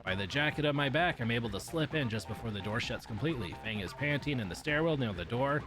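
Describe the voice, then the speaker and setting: A man's voice: medium pitch, expressive, quick pace, over music. A man streaming himself reading a visual novel aloud in a casual way, with swearing and offhand asides.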